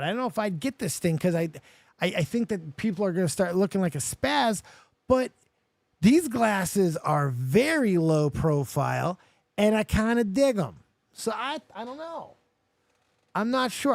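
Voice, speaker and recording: A high-pitched young man hosting a live show. He tells stories animatedly and profanely, and he gets himself worked up as he talks. The sound is dry and close, with no room echo at all. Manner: animated, profane, getting worked up while telling the story. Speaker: show host. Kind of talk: storytelling and reacting on a live show.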